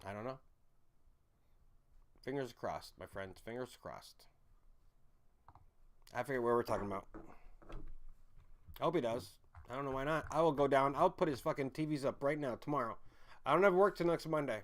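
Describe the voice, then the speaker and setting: A man's voice: mid-range voice, normal speed, long pauses. A young man streamer chatting casually, rambling, repeating himself and often apologizing.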